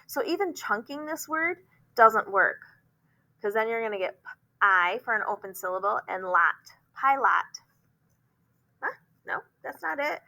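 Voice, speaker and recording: A woman teacher explaining phonics, often pausing with "um" and sounding words out slowly. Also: on the high side, pushed and bright, low-quality recording. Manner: explanatory, frequent "um" fillers, slow demonstrations of words.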